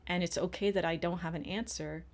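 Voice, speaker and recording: Earnest middle-aged woman, lowish voice. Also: steady tone, fairly quick. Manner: earnest storytelling with restarts. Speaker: podcast co-host. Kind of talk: casual podcast discussion.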